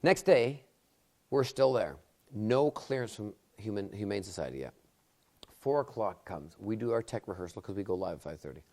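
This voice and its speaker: A man working as a magician, telling a story in a casual interview with animated, sudden bursts of excitement. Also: fairly low pitch, normal speed.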